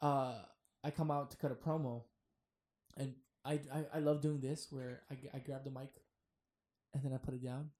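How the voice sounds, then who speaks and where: A man talking casually on a podcast, telling stories with animated energy. He swears freely and slips into quick impressions of the people in his stories. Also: medium pitch. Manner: animated storyteller, swears freely, acts out quotes. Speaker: guest wrestler.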